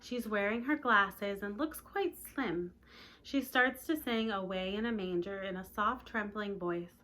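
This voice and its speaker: A woman's voice: medium pitch, unhurried, bright, forceful tone. A woman, a teacher, reading a novel aloud and breaking off for chatty asides to her listeners.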